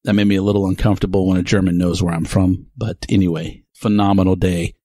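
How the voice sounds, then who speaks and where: A rambling man talks through his podcast in a loose, chatty monologue that keeps drifting off topic. His voice sits low. The sound is close and dry, with no room around it. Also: flat delivery, quick pace, dark tone, no echo. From Texas. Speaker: podcast host. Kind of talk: casual monologue.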